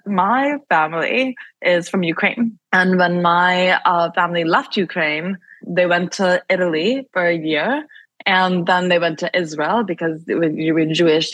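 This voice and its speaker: A bubbly woman hosts a podcast interview over a video call, chatty and quick to laugh, speeding up in little excited bursts. Her voice sits a bit low for a woman and sounds dry and close to the mic. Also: no echo. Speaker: podcast host. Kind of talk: casual interview chat.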